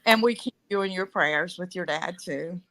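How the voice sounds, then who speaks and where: A woman caller on a video call, speaking quietly and plainly. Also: lowish voice, moderate pace. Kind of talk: casual chat.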